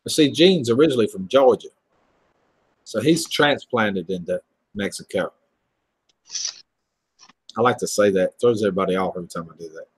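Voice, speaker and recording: A man's voice: lowish voice, moderate pace, pauses often, slightly rough, dry recording, poor audio. A man with a Southern US accent chatting casually on a livestream, rambling and laughing easily. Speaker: livestream host.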